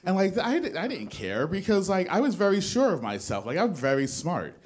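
A man's voice: sits high, huge pitch swings, a little fast. A young man doing a stand-up comedy set, rambling and self-deprecating, often stopping and restarting his sentences. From New Jersey. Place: small studio with a live audience.

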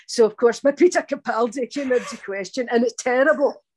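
A woman's voice: on the high side, brisk, darkish tone, slightly rough. Giggly rambling woman voice actor. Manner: rambling, laughs often, self-deprecating. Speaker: voice actress guest. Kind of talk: casual interview chat.

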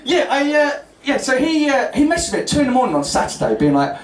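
A young stand-up comedian tells a story on stage with a high, lively voice. He is animated and exclaiming, his pitch leaping at punchlines. His voice is distant and echoing in the room, with an audience around him. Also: quick pace, a crowd in the background. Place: live comedy venue on stage. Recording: echoey stage from far off with audience.

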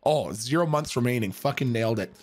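A man telling an animated anecdote in a profane, emphatic way, acting out the quotes. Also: medium pitch, quick pace. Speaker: roleplay streamer.

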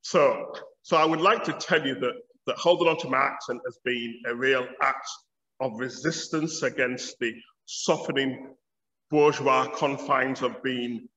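A theology professor in his fifties from Bradford, Yorkshire, England, gives a wry, storytelling public lecture in a Yorkshire accent. His medium-pitched voice is unhurried, pushed and bright, and the recording sounds dull with long hall reverb.

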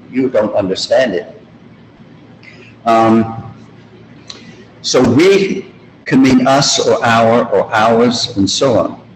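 A man teaching a language lesson, explaining grammar slowly and repeating example phrases. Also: medium pitch, slight background noise. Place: school room or video call. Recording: roomy hall with faint ambience.

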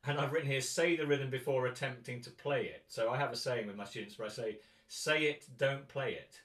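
Relaxed English guitar teacher, distant and roomy. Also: male voice, mid-range voice, quick pace. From England. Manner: relaxed, thinking aloud, counting and singing rhythms. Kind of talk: workshop teaching with guitar demos.

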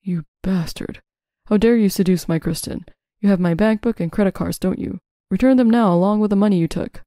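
A woman voicing a self-serving, cheating middle-aged husband in a scripted story, in a flat, even delivery. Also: medium pitch, brisk, no echo, studio quality, close to an everyday voice. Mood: angry.

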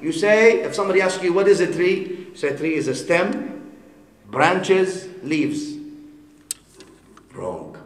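A man's voice: high-pitched, measured pace. A man giving a sermon as an Islamic scholar, teaching with everyday examples, mixing Arabic phrases into his English and often asking his listeners "huh?". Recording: echoey hall with long reverb.

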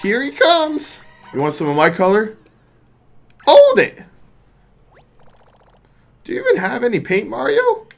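A brash, cheeky talking paint can, put on by a man reading a video game's lines. The voice jumps far above his usual register in loud, lively swings over a vaguely foreign put-on accent. Faint game music plays underneath. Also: very high voice, a little slow, gravelly, long pauses, pitched above the performer's own voice, heavily acted. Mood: pushy.

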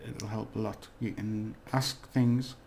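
A man's voice: lowish voice, level tone, takes it slowly, gravelly, darkish tone, slight background noise. A man teaching a casual video lesson, rambling and hesitant, with fillers and small jokes. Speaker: language teacher.

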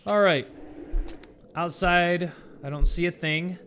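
A young man giving jokey, excitable let's play commentary on a horror game, swearing and talking to his viewers. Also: high voice, slow pace, a little hiss or hum. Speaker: gaming YouTuber.

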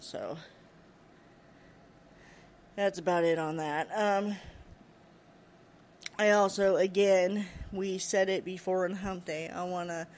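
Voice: medium pitch, slight background noise. A show host giving a casual opinion rant, laughing often and using many fillers, with short mocking put-on voices.

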